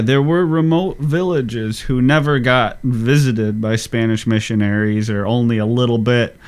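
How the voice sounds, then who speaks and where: A man hosting a history podcast, explaining in a relaxed, casual way and wrapping up the show. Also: medium pitch, clean tone. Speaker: podcast host.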